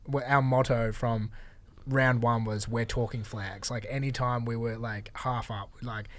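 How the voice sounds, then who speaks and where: A man's voice: medium pitch, a little slow. An Australian man, a podcast guest, telling stories in casual chat with frequent laughs. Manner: animated storyteller, laughs often.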